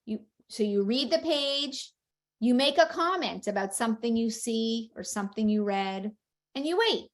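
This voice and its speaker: A woman's voice: on the high side, expressive, moderate pace. A woman explaining a book-reading method to parents in a patient, instructional way, acting out short read-aloud examples. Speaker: speech-language educator.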